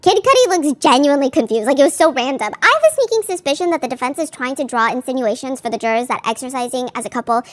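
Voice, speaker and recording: A woman's voice: high voice, lively intonation, fast talker, few pauses. A woman podcast host giving casual, chatty commentary on a court case, full of "like" fillers and candid asides.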